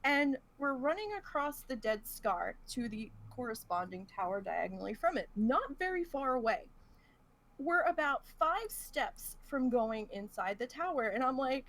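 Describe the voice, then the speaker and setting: A woman co-hosting a podcast, retelling a gaming mishap in a lively, laughing way. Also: high-pitched, moderate pace. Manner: animated, laughs through the story. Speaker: podcast co-host. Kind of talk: casual storytelling chat.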